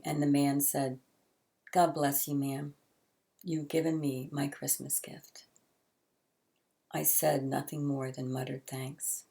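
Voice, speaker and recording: A woman hosting a short show, reading a heartfelt story aloud in a soft, earnest way with drawn-out pauses. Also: low voice.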